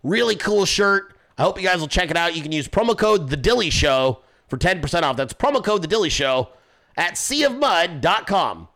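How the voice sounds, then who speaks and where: A man hosting his own show in a casual, profane way, riffing and laughing at his own jokes. His voice sits high and swings widely in pitch. The tone is bright and forceful. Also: expressive, fairly quick, few pauses. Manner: loose, joking, swearing, laughs at own stories; acts out voices in anecdotes. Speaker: podcast host.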